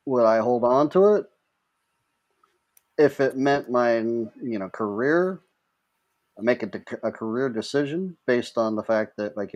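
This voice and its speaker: A man, an actor appearing as a guest, answering questions hesitantly as he thinks out loud. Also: lowish voice, dry recording. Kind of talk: casual chat.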